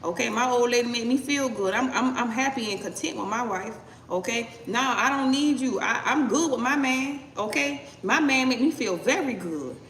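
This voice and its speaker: A woman's voice: a little high, lively intonation, moderate pace, few pauses, fairly bright tone, a little hiss or hum. A woman giving a casual live tarot reading, talking bluntly with some swearing and tagging her points with "okay?". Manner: blunt, profane, punctuates with "okay?". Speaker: tarot reader. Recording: roomy echo, voice distant from mic.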